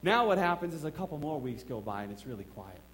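A middle-aged man preaching a sermon in a church, telling a personal story with emphatic swings between quiet asides and excited outbursts. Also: mid-range voice, quick pace, a little hiss or hum. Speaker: pastor.

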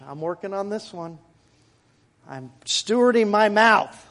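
A man preaching a sermon to his congregation in a church, in a conversational way with asides and quick jokes. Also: high voice, animated, fairly bright tone. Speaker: pastor. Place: church sanctuary.

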